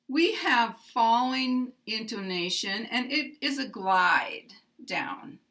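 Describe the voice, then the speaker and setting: Slow, bright American woman teacher. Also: sing-song. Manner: models example phrases with exaggerated pitch glides. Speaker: pronunciation teacher.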